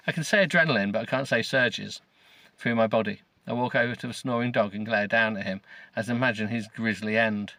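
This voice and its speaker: A man's voice: fairly low pitch, fairly even intonation, a little fast, pushed and bright, no room sound. Middle-aged man, podcast host, sarcastic comedic book reading, sweary, trips over words, dry close sound. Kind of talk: mocking comedic reading of a novel.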